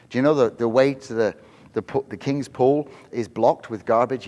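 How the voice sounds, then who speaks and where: A male pastor delivers an animated sermon, dropping into quiet asides and then climbing to loud, high-pitched, emphatic peaks. His voice sits at an ordinary middle pitch and rings out with a long hall reverb around it. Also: a little fast.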